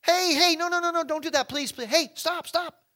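A male preacher voicing the apostle Paul, urgently begging a man not to harm himself. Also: a little fast. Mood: pleading. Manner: urgent, begging, rising high and loud.

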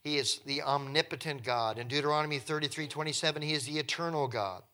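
A middle-aged man preaching a sermon, animated, acting out the people in the text with sudden jumps in voice. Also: quick pace. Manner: animated, acts out biblical speakers with pitch jumps. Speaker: pastor.

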